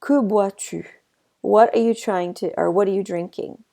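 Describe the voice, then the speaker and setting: A woman teacher explaining French grammar in a relaxed recorded lesson, with fillers, asides and a slight cough. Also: mid-range voice, normal speed, vocal fry. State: a bit of a cough.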